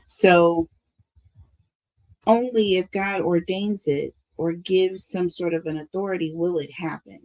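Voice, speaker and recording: Gravelly, slow-talking grandmother reading tarot. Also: lowish voice, a little mellow, rough recording. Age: older. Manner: emotional, preachy, addresses viewers as y'all. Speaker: tarot reader. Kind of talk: live tarot reading to viewers.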